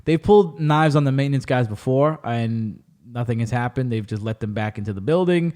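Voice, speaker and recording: A man hosting a podcast, chatting casually and telling animated stories with plenty of swearing. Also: medium pitch, fairly quick. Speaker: podcast host. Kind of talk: casual chat.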